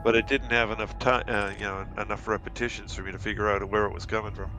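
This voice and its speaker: A man's voice: on the low side, flat delivery, fast talker, over music. A man chatting casually on a headset in a group voice chat, rambling with many fillers, a little tipsy and half asleep.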